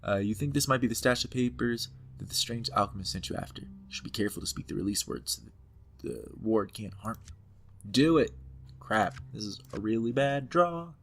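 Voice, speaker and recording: A man's voice: on the low side, brisk, fairly bright tone. A man playing a computer game, reading its text aloud and commenting on it in a playful, hammed-up way. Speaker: let's-play host.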